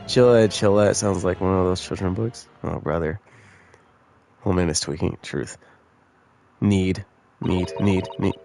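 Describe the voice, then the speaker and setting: A man's voice: sits low, fairly even intonation, measured pace, creaky, long pauses, darkish tone, soft background music. A man streaming a video game, reading its dialogue aloud and joking with his chat in casual commentary. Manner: joking, laughs often, mixes read lines with chat banter. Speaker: let's-play streamer.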